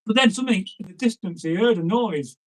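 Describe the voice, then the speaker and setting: A man tells an old folk tale in a loose, conversational way. He wanders off into asides and then picks the thread back up, and his voice sits fairly high for a man. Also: lively intonation, brisk, rough recording. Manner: chatty, digressive, with asides to the listener. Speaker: storyteller. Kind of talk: casual folk-tale storytelling.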